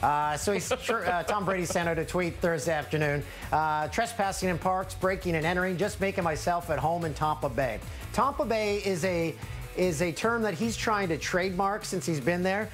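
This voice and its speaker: A man's voice: high voice, normal speed, fairly bright tone, faint music behind. A man co-hosting a sports show from home, joking in a casual way, with plenty of hesitant "uh"s. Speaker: co-host. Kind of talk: sports talk.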